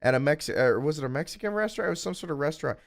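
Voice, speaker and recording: On a casual voice call while streaming, a young man vents about a breakup, rambling and swearing freely. His voice is fairly high, expressive and creaky, and he talks at a racing pace.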